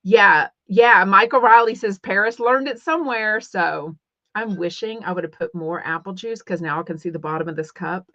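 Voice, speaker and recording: A woman's voice: medium pitch, normal speed, bright, forceful tone, no echo. A middle-aged woman from Texas with a Texan accent, hosting a rambling, casual livestream podcast with lots of fillers. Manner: chatty and rambling, many fillers and restarts. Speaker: podcast host. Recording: dull lo-fi dry sound.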